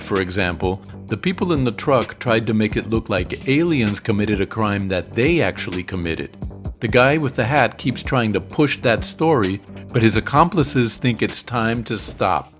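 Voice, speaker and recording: American male teacher, low voice, clear and patient, faint music underneath. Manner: slow, clear explanations with joking asides. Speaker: English teacher. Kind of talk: explanatory lesson narration.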